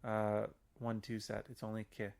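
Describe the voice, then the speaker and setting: A man teaching an audio language lesson in a loose, chatty way, with many fillers and restarts, slowing down to spell out example phrases. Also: fairly low pitch, completely flat delivery, gravelly, darkish tone, slight background noise.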